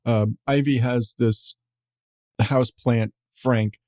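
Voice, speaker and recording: A man's voice: mid-range voice, fairly even intonation, slow pace, dark tone, no echo, clean studio sound. A man hosting a podcast, talking in a rambling, casual way with frequent swearing and chuckles. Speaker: podcast host. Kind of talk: casual chat.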